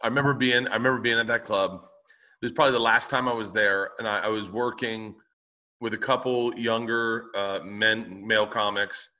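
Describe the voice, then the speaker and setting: A man's voice: fairly low pitch, level tone, a little fast, bright, forceful tone. A male comedian co-hosting a podcast, telling blunt stories in casual chat. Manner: blunt storyteller, swears.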